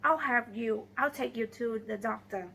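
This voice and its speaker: A woman's voice: on the high side, normal speed, creaky, sharp tone, slight background noise. A woman reading the lines of a helpful female tourist in a story, in a plain read-aloud delivery.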